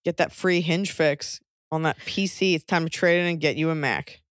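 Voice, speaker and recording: A woman's voice: low-pitched, moderate pace, dry recording, clean studio sound. A pregnant woman co-hosting a podcast, chatting casually and telling blunt, joking stories. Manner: blunt, joking, animated storytelling. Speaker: podcast co-host. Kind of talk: casual chat.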